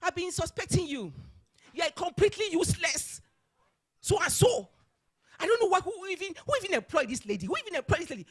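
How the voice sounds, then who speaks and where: A woman voicing a furious, blustering male company chairman who shouts in a high, strained voice. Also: expressive, fast talker, hardly any pauses. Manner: shouting, high-pitched and loud.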